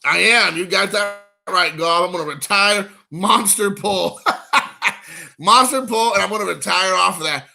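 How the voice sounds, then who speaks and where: A man's voice: high voice, moderate pace, creaky, hardly any pauses, bright, forceful tone. A man in his forties hosting a casual card-collecting stream, joking and rambling at his chat viewers. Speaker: card-collecting show host.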